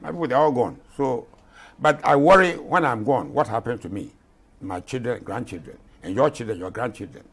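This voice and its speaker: A man's voice: medium pitch, expressive, brisk, fairly bright tone, husky. A man in his eighties from Ghana, a retired general speaking as a guest in an interview, impassioned and emphatic, repeating himself for stress. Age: 80s.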